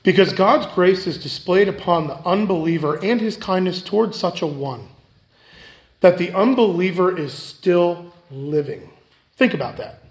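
A pastor with a high, light voice delivers a sermon, repeating his key phrases for emphasis. He moves between loud, pressing lines and quiet, hushed ones. The sound bounces around an echoey church hall. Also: lively intonation, unhurried. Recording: echoey room.

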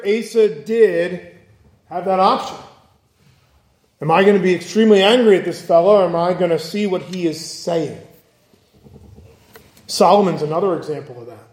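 Male preacher, high voice, earnest, acts out quotes, echoey church hall. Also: darkish tone. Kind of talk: sermon. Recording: echoey room.

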